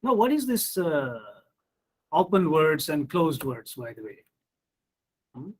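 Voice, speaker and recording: Indian English male professor, high voice, unhurried lecture with rhetorical questions. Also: big pitch swings, low-quality recording. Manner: explains step by step, asks rhetorical questions, says hmm. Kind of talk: online pronunciation lecture.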